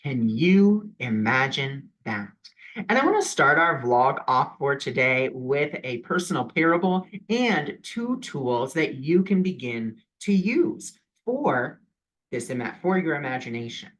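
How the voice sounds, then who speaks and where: With a fairly bright, mid-range voice, big pitch swings, and a measured pace, a man talks through his vlog about imagination. As a vlogger sharing spiritual advice, he keeps it casual, reflective, and earnest, full of fillers and loose wording.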